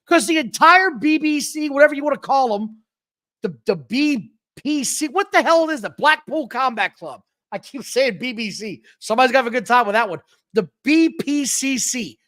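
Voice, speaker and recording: A podcast co-host in casual chat, blunt and profane, getting loud when annoyed. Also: high-pitched, expressive, fairly quick.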